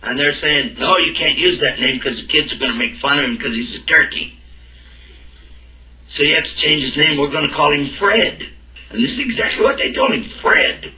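Male storyteller, bright, voices every character, echoey room. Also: fairly high pitch, normal speed, a little hiss or hum. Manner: animated, acts out both sides of the dialogue. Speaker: speaker telling a personal story. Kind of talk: anecdotal storytelling talk. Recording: roomy and distant from the mic.

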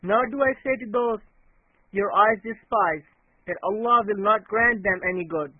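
A man reading a scripture translation aloud in a measured way, stumbling and restarting on words now and then. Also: high-pitched, husky, no room sound. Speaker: reader of scripture. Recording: tinny phone-like dry recording.

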